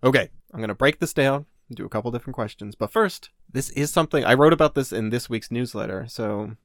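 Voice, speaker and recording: A man's voice: mid-range voice, fast, dry recording. Chatty man on a dry mic. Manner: chatty, laughs often, reads listener mail. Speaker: podcast co-host. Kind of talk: casual chat.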